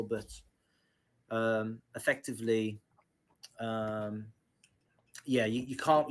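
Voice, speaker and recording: A man running a tabletop fantasy game, explaining the world to his players. He talks slowly and hesitantly, with frequent ums and restarts. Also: medium pitch. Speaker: game master.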